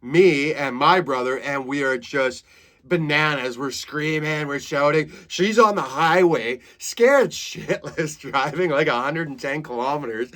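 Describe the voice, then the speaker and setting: A man in his thirties from Saskatchewan, Canada hosts a comedy podcast, his voice a little high and a little slow. He tells stories casually and with animation, laughing at his own jokes and swearing freely.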